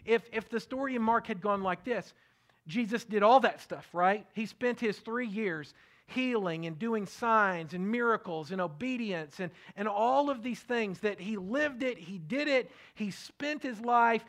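A middle-aged man preaching a sermon, earnest and repetitive, often dropping his voice to a soft hush. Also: sits high, creaky. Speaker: pastor.

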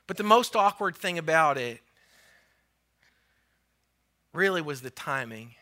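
A male pastor preaching a sermon, retelling a story with lively voices for the characters and repeating phrases for emphasis. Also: on the high side, moderate pace. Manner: animated storytelling, acting out the voices of biblical figures.

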